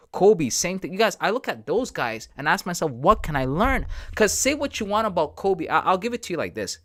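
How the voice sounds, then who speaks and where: Animated man hosting a trading livestream. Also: a little high. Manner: emphatic and repetitive, talks straight to viewers. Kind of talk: casual live-stream talk.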